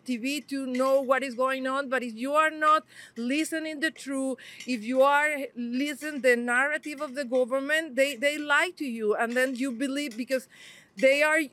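A woman with a Spanish accent speaks as a guest in an interview. Her English is earnest and halting, and she pauses to find her words. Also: high voice, fairly bright tone. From Venezuela. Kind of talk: casual interview.

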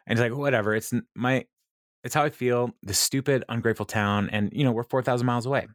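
A man's voice: medium pitch, steady tone, quick pace, no room sound, clean studio sound. A man co-hosting a podcast, retelling a show's scenes in a rambling way, quoting characters, with many fillers. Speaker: podcast co-host. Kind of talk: casual episode recap.

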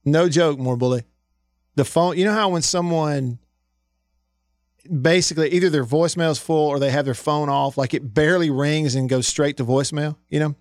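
Guy on sports radio, a bit high voice, dry studio sound, laughs a lot. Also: normal speed, no room sound. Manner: laughing, storytelling. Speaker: radio show co-host. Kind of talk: casual sports radio chat.

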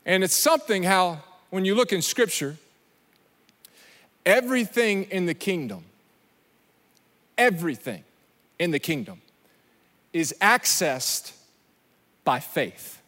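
Male pastor, emphatic sermon, high piercing voice, rings through a church hall. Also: expressive, slow pace, pauses often, fairly bright tone. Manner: emphatic, repeats himself, asks the crowd questions. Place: church sanctuary. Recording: long reverb of a large church hall.

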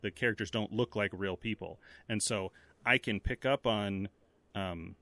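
A man talking thoughtfully about films on a podcast, pausing often with fillers. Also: on the low side, bright, forceful tone, no room sound. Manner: thoughtful, hesitant with many fillers. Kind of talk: casual movie discussion.

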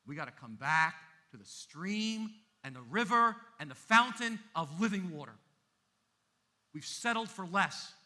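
Male pastor preaching; bright, piercing voice, fairly high, emphatic with sharp swings in volume. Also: expressive, unhurried. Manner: emphatic, with big swings in loudness. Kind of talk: sermon.

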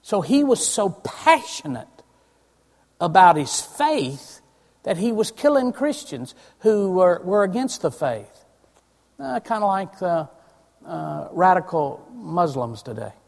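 A man's voice: high voice, very animated, slow, vocal fry, a little mellow. A man preaching a sermon, emphatic and asking his congregation questions. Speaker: pastor. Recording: long church reverb.

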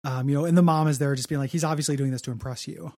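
A man's voice: on the high side, fairly even intonation, very fast, warm tone, no room sound, studio quality. A man co-hosting a podcast, recapping a film in casual chat, joking and laughing often. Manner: laughing, joking, acts out quotes. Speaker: podcast co-host.

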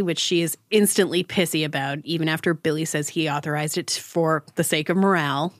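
A woman's voice: on the low side, a bit bright, no echo, studio quality. A woman podcast co-host recapping a TV episode with wry, sarcastic asides. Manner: wry, sarcastic, laughs often.

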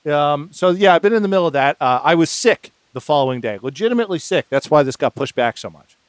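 A man hosting a podcast in casual chat, making sarcastic deadpan jokes between frequent hesitations. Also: on the high side, quick pace, smooth, dry recording. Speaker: podcast host.

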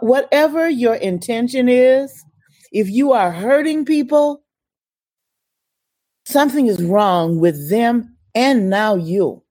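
A woman's voice: medium pitch, warm tone, dry recording, clean studio sound. A woman hosting a podcast interview, asking questions and giving earnest, emphatic opinions. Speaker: podcast host.

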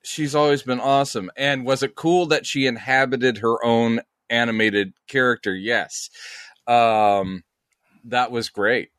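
A man's voice: medium pitch, fairly even intonation, unhurried, a bit bright, clean tone, dry recording, studio quality. A man co-hosting a podcast in casual chat, talking with many fillers and restarts. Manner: chatty, hesitant with many fillers. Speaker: podcast co-host.

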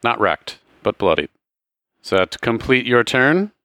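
A man's voice: mid-range voice, very animated, a little slow, pushed and bright, no room sound, studio quality. A man running a tabletop game as game master, casual and joking in his rulings.

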